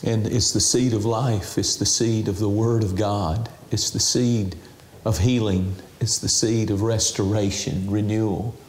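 Emotional tv preacher guy, choked up and crying, mellow voice, echoey room in a house. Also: on the low side, steady tone. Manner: emotional, tearful preaching with slow prayer lines. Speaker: television minister. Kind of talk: televangelist interview and altar call.

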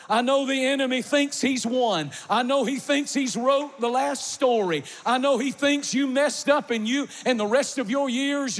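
A man preaching an impassioned sermon, swinging from quiet stretches to shouted emphasis. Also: very high voice. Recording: long reverb of a large hall.

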